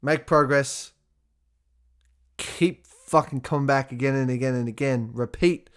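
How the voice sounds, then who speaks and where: Animated, swearing male podcast host. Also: mid-range voice, unhurried, smooth. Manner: profane, animated storytelling with laughs and acted-out quotes. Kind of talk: casual solo podcast monologue.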